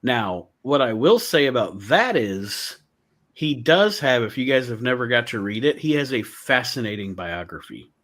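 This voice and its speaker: A man's voice: mid-range voice, very animated, normal speed, fairly bright tone. A man hosting a casual podcast, reading wrestler stats aloud and riffing on them with frequent laughs. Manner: laughs often, reads stats then riffs. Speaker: podcast host.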